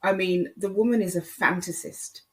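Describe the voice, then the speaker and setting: A YouTube commentator delivering a casual solo monologue. The voice sits at a middle pitch and the tone is opinionated, addressing viewers and other creators directly. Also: fairly even intonation, moderate pace, a bit bright.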